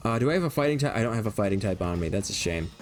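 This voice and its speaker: A man's voice: on the low side, animated, racing, faint music behind. A young man streaming a video game, rambling and joking in a casual running commentary and laughing easily.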